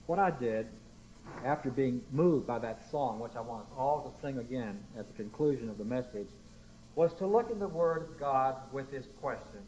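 A man's voice: mid-range voice, expressive, normal speed, darkish tone. Emphatic preacher man, dull lo-fi sound. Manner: emphatic preaching, questions to the congregation. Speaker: pastor. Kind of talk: sermon.

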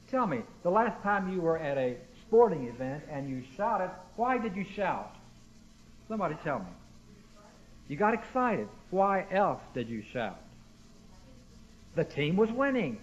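This pastor's voice sits a little high and sounds animated, moving at a normal speed. He delivers a sermon to his congregation, stressing scripture quotations hard and questioning the listeners, all captured in a dull lo-fi recording.

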